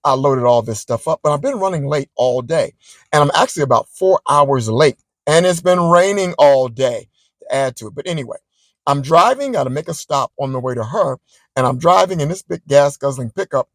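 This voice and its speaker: A man vlogging, chatting straight to his viewers as he tells a story in a casual, animated way. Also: on the high side, fairly quick, no room sound, poor audio.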